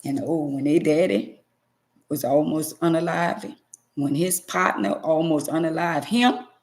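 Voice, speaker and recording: Woman, middle-aged, gravelly fry, emphatic preachy testimony, vlog to viewers. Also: low-pitched, measured pace, darkish tone. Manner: emphatic, preachy, repeats phrases for stress. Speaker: vlogger. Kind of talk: emotional personal testimony to viewers.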